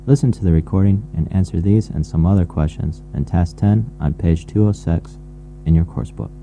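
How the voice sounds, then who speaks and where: A man reading textbook task instructions in a formal, deliberate way. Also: low-pitched, mellow, a little hiss or hum, poor audio. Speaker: course announcer.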